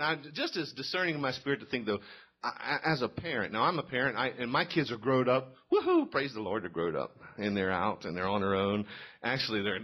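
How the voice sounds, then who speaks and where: A man's voice: lowish voice, fairly bright tone, breathy edge. A middle-aged man telling folksy stand-up stories and quizzing a live audience in a small cafe. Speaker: comedian.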